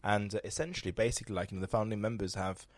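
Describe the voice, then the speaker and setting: A man's voice: on the low side, steady tone, racing, no room sound. A man co-hosting a podcast, explaining in a casual, filler-heavy way. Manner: fluent, many "you know" and "like" fillers, explanatory. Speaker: podcast co-host. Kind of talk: casual chat.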